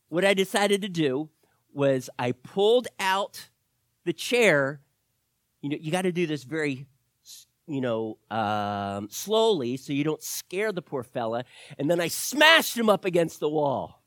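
A man preaching a sermon as pastor, telling personal stories with animated quoted voices. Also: a little high, no echo, studio quality. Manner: storytelling with animated quoted voices, rising and loud at peaks.

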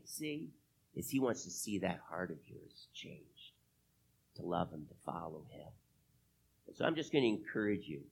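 A man, a pastor, telling a children's sermon story, dropping to a hushed, gentle voice for tender moments. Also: fairly low pitch, gravelly, slight background noise. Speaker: pastor giving a children's message.

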